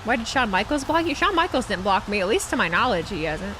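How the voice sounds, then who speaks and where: A woman's voice: mid-range voice, big pitch swings, fast, background noise. A young woman chatting casually on a live stream, sarcastic and talkative, reading chat messages aloud.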